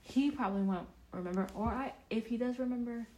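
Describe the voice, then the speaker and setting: A woman's voice: on the high side, a little fast, warm tone, poor audio. A young woman vlogging casually, telling a self-deprecating story in a rambling, chatty way with many restarts.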